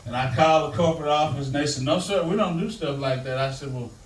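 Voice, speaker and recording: A man's voice: a little high, fast. An older man doing a stand-up comedy set on stage, telling loose, rambling stories to a live audience. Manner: loose, storytelling, Southern-flavored delivery. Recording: echoey room, mic heard from a distance.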